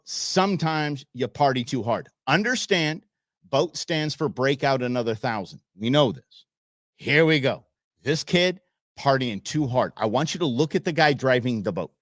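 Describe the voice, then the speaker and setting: A man's voice: on the high side, fairly bright tone, no echo, clean studio sound. A man hosting a show, casually commenting on clips and exclaiming and laughing at what he sees. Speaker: show host.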